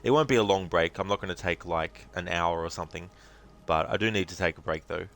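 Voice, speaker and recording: A man's voice: deep voice, brisk, creaky, a bit bright, a little hiss or hum. A man streaming a game live, chatting casually and rambling with plenty of fillers while thanking his viewers.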